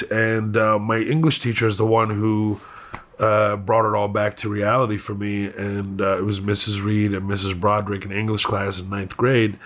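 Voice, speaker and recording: A man with a Houston Texan accent telling stories from his youth in a candid interview, animated and laughing often. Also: lowish voice. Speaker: comedian guest.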